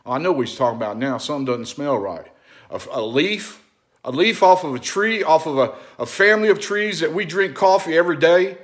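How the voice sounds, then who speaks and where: A man with a somewhat high voice delivers a fervent monologue to his viewers. He repeats himself for emphasis and fires off rhetorical questions. His tone keeps swinging from loud, pushing urgency to low, intimate confiding. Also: animated, brisk. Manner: preachy, asks the listener rhetorical questions. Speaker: vlog host. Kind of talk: impassioned direct-to-camera monologue.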